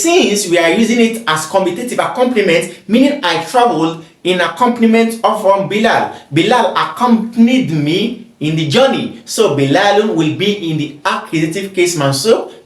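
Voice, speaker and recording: A man teaching Arabic grammar in English, patiently explaining, repeating each example and its translation. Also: high voice. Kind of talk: recorded grammar lesson. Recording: echoey room.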